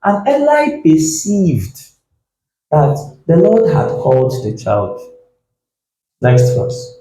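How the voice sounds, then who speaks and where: A pastor preaching a sermon, reading scripture slowly and acting out the dialogue with energy. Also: male voice, a little high, wildly swooping pitch, warm tone, reverberant, a little hiss or hum, rough recording. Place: church.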